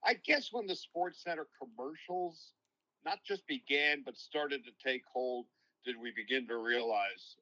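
Older New broadcaster, bright and forward, spins long reflective stories as an interview guest. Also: male voice, medium pitch, a little slow, muffled recording. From New York. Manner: long-winded, reflective storytelling. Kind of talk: casual interview, storytelling.

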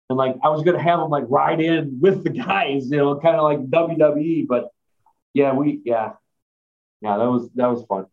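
A man's voice: fairly high pitch, fairly quick. A man, a former strength coach, rambling through anecdotes in a casual chat with lots of fillers. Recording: dull lo-fi sound.

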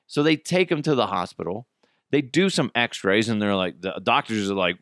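Brief: male comedy podcast host, animated, swearing, dry close mic. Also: mid-range voice, moderate pace, no echo. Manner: laughing, joking, profane. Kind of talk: casual comedic commentary.

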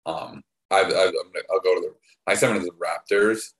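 Male co-host, low voice, rambling and halting delivery, casual sports chat. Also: steady tone, low-quality recording. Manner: rambling, halting, many fillers and restarts. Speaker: podcast co-host.

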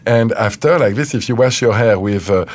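A man with a French accent, a guest hair colorist, speaking halting non-native English in a casual interview and explaining things step by step. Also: lowish voice. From France.

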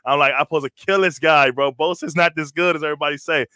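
A man hosting a casual sports talk show who tells animated stories in slangy speech and keeps saying "bro". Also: on the high side, quick pace, no echo, clean studio sound. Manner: animated storytelling, slangy, says "bro" constantly. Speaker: podcast host, former college lineman. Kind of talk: casual chat.

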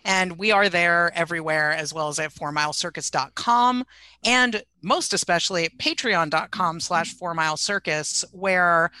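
A woman speaking as a podcast guest, brisk and promotional as she lays out where to find her work. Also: fairly low pitch, sharp tone, no room sound. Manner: teasing, then brisk and promotional. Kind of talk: casual chat.

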